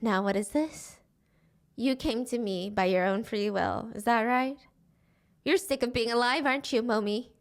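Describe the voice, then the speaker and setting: A woman's voice: on the high side, close to an everyday voice. A woman doing a cold, taunting villainous grandmother. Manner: slow, menacing taunts.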